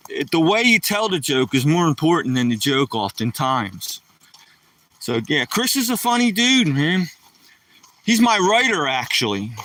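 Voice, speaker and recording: A man's voice: fairly high pitch, bright, forceful tone. A middle-aged man rambling and joking casually on a live stream, somewhat far from the mic.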